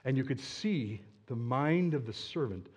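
A man preaching a sermon as a story, animated and dramatic, with asides to his listeners. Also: mid-range voice, a little slow, slightly rough.

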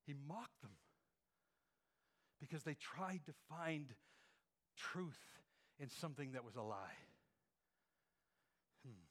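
A man preaching a sermon, leading the congregation in call-and-response and swinging between hushed phrases and emphatic questions. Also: medium pitch, expressive, takes it slowly, pauses often. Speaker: pastor.

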